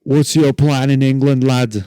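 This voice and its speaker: A man voicing a gruff male border officer who is curt and dismissive, in a raised voice within a podcast story. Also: mid-range voice, steady tone, quick pace, mellow, no room sound, voice pushed up, lightly acted. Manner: curt, sarcastic.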